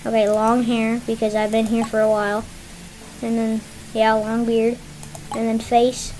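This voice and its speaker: A woman's voice: fairly high pitch, monotone, measured pace, darkish tone, a little hiss or hum. A woman giving casual, chatty commentary on her own gameplay, talking to herself and yelping when surprised. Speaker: gameplay streamer.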